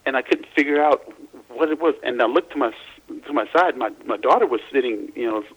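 A man from Louisiana, an interview guest, recounting personal experiences in a halting way, often repeating and restarting words. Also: medium pitch, husky, muffled recording.

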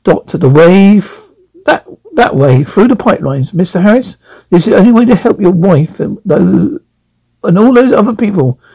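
A man's voice: high voice, lively intonation, normal speed, darkish tone, husky, heavily acted, rough recording. A man voicing an eager, resourceful male traveller, reading a script and stumbling over words. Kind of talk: script read aloud.

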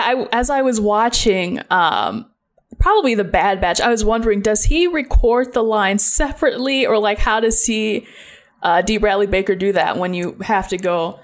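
A woman hosting a casual podcast chat, friendly, posing questions and laughing easily. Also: mid-range voice. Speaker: podcast host.

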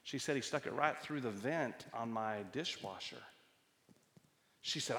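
A man's voice: mid-range voice, expressive, normal speed, a bit bright, in a large hall. A man preaching a sermon, telling personal stories in a conversational way with frequent restarts. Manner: storytelling, conversational with many restarts. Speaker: pastor. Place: church hall.

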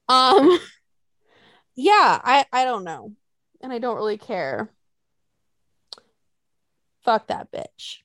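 Young woman co-host, high and lively, swearing rant, dry close sound. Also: drawn-out words, pauses often, dry recording. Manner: animated, profane ranting with mocking quotes. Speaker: podcast co-host. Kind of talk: casual chat.

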